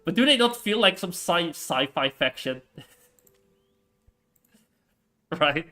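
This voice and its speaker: A man streaming a city-building game in casual chat, rambling with lots of fillers and quick laughs. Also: fairly high pitch, lively intonation, sharp tone. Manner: rambling, hesitant, full of fillers and frequent laughs. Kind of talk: casual live-stream chat while playing.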